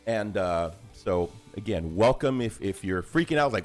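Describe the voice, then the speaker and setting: A man's voice: moderate pace, few pauses, faint music behind. A man hosting a casual livestream chat, rambling and chatty, talking over a video call. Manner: rambling and chatty, animated swings in pitch. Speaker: host of a hobby livestream.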